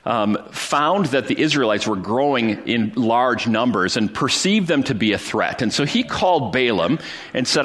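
A man's voice: medium pitch, lively intonation, normal speed, a bit bright. A man preaching a sermon, retelling a Bible story in a conversational way with frequent fillers and restarts. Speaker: pastor.

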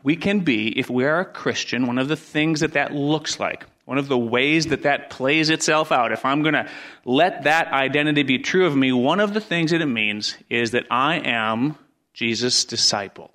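A middle-aged man preaching a sermon as pastor, earnest, repeating his phrases and dropping from loud stress to near hush. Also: medium pitch, moderate pace.

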